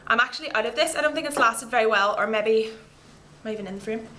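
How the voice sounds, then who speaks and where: A woman's voice: on the high side, fast, pushed and bright, a little hiss or hum. A woman vlogger chatting casually and enthusiastically about her favourite makeup products, with rambling asides as she demonstrates them to the camera. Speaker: beauty vlogger.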